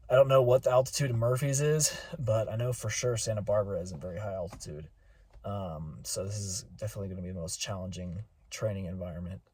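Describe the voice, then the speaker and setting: A man giving a relaxed, rambling travel update from his car, with lots of fillers. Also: fairly low pitch, fast talker, a little hiss or hum. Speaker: vlogger.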